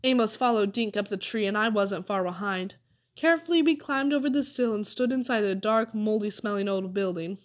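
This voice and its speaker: A woman narrating a children's story aloud with an expressive reading. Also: medium pitch, a little fast. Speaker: audiobook reader.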